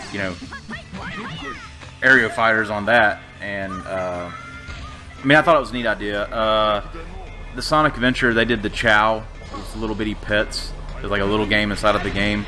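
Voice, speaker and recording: A man's voice: on the low side, fairly quick, music in the background. A man rambling through casual gameplay commentary, profane and full of fillers. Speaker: let's play gamer.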